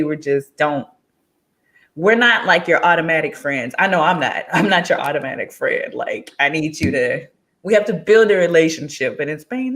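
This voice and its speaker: Chatty woman, low voice. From Texas, USA. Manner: chatty, laughs often, animated when quoting others. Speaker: guest. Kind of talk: casual conversational interview.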